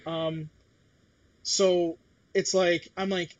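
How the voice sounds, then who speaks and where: In casual chat, a middle-aged man talks bluntly, swearing and acting out what other people said. His voice is on the high side, brisk, with a fairly bright tone.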